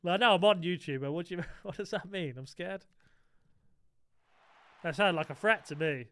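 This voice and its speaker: Bright-voiced gaming streamer. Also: male voice, sits high, fast talker, no echo. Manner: banters with chat, jokey, self-described moaner. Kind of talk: casual live-stream chat.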